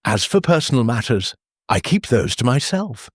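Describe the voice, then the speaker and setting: A man's voice: medium pitch, big pitch swings, normal speed, slightly rough, no room sound, clean studio sound. A man voicing a brittle, guarded society wife who answers in clipped, evasive replies.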